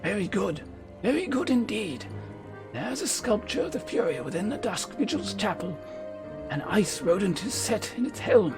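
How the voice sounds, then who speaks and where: A man putting on a haughty high-voiced noble. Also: sing-song, normal speed, over music. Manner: archaic, lofty and theatrical. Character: pompous high-born male knight giving orders. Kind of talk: reading game dialogue aloud in a put-on voice.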